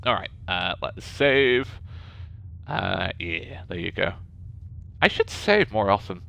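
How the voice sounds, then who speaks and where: A gaming YouTuber gives chatty, jokey let's play commentary on a game, talking back to the characters on screen. His lowish voice is gravelly and sharp, expressive but slow.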